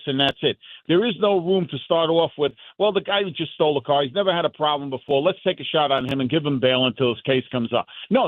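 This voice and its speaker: A man's voice: a little high, no echo. Indignant New York man, muffled line. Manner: indignant, mocks opponents with put-on quotes. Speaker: guest, former police officer and political candidate. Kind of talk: heated political commentary.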